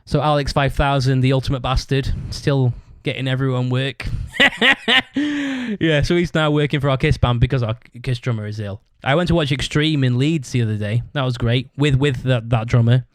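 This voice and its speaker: A man's voice: medium pitch, moderate pace, dry recording, clean studio sound. A man hosting his own podcast, telling a long story in a blunt, rambling way with a lot of swearing. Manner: blunt, heavily profane, rambling with restarts. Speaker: podcast host. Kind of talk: casual storytelling monologue.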